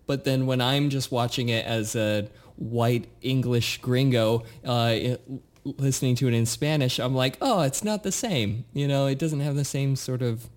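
A man in easygoing podcast chat with a mid-pitched, ordinary voice. He restarts his sentences often and fills the gaps with "uh.". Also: fairly even intonation. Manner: halting, many restarts and "uh" fillers. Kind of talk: casual chat.

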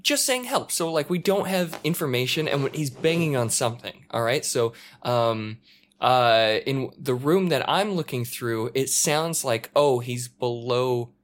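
In an apartment in a multi-story building, a man tells an anecdote in casual chat with animated energy, throwing himself into quoted voices that leap into shouts and sink to mutters. His pitch stays in an ordinary middle range, he speaks unhurriedly, and there's a little hiss or hum.

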